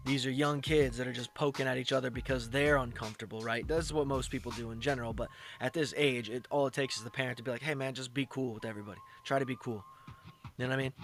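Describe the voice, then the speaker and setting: A man's voice: mid-range voice, steady tone, fast, fairly bright tone, soft background music. A man giving casual, blunt commentary on a clip, lecturing and swearing now and then. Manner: lecturing, blunt, profane asides.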